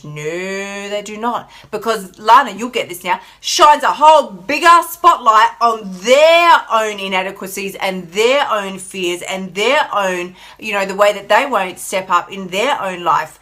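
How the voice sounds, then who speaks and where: A woman's voice: medium pitch, animated, unhurried, bright, forceful tone. An Australian woman hosting a motivational live stream, talking in a sassy, emphatic way and reading viewer comments aloud. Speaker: life coach host.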